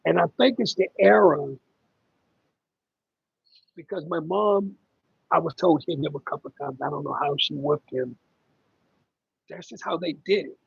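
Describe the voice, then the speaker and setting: A man's voice: a little high, normal speed, gravelly, long pauses, husky, dry recording, muffled recording. A middle-aged man hosting a casual livestream about caregiving, rambling and conversational with lots of ums as he reads viewer comments.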